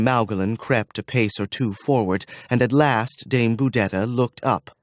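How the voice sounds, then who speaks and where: A male audiobook narrator reads a scripted fantasy audiobook in a measured storytelling style. His voice is medium pitched, and the recording is clean studio sound with no room sound.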